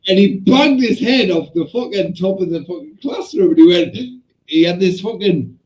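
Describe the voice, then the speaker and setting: A man's voice: sits high, normal speed, poor audio. A man, co-hosting a casual chat and telling a story with lots of swearing and acted-out voices. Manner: animated storyteller, swears a lot, acts out voices and shouts. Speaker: podcast co-host.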